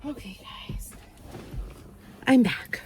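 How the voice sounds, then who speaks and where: A woman chatting casually while driving, rambling from one errand to the next and talking to her dog in a high baby voice. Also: drawn-out words. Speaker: vlogger. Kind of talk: casual car vlog chat. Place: inside a car while driving. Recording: steady car road noise.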